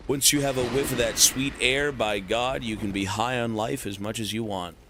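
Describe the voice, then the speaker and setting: A man's voice: medium pitch, fairly even intonation, normal speed, noisy background. A man streaming a video game, chatting casually and joking with viewers, often swearing and rambling. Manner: joking, profane, rambling to chat. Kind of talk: casual gaming stream commentary.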